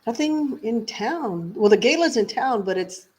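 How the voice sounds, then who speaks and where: A woman singer being interviewed, telling stories in a lively, chatty way and laughing often. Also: on the high side, a little slow, slightly rough. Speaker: singer guest. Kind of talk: casual interview chat.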